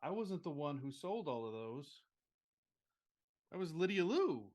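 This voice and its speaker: Guy doing a sweet teary scout girl, higher and louder, earnest. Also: animated, normal speed. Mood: heartfelt. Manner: earnest, heartfelt. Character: kind, tearful young girl scout.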